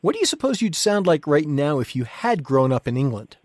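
A man co-hosting a podcast, asking the guest questions in a measured way. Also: fairly high pitch, sing-song, no room sound, studio quality. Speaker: podcast co-host.

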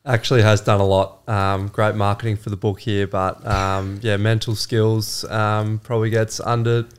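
Laid-back young man, smooth low voice. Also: flat delivery, moderate pace. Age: young adult. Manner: laid-back, laughing, understated. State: hungover. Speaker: guest cricketer. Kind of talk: casual chat.

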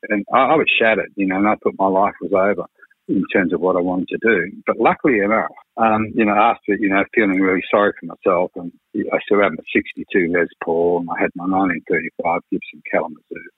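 A record producer spins long, frank anecdotes in a radio chat, leaning on "you know". His voice sits low with a husky grain. It comes through dry and tinny, like a phone line. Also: fairly even intonation, fast, dry recording. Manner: rambling, frank, peppered with "you know" and swearing. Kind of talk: radio interview storytelling.

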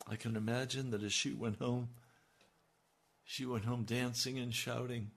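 Male pastor, sermon; slow and deliberate, husky tone, emphatic swells. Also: medium pitch, flat delivery, fairly bright tone. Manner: emphatic preaching, voice swelling on key lines.

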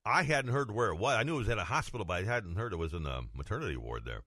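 Bright, quipping radio co-host man. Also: fairly low pitch, very animated, no echo, studio quality. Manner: agreeable sidekick, quick quips. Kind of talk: casual radio banter and announcing.

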